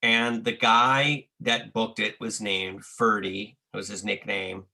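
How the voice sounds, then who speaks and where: Gravelly male storyteller, bright edge, profane, acts out the quotes, podcast guest. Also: on the low side, level tone, slow pace. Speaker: guest telling a tour story. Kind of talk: casual storytelling.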